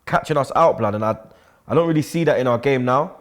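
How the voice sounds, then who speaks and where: A man's voice: medium pitch, quick pace. A man with a London accent talking football in casual banter, full of slang and often checking in with "you get me". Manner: heavy slang, keeps asking "you get me", laughs often. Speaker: regular pundit.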